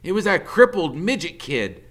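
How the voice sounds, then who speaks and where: A man voicing a nervous male accomplice who stammers and rushes his words. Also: very animated, fairly bright tone. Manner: stammering, fast and high.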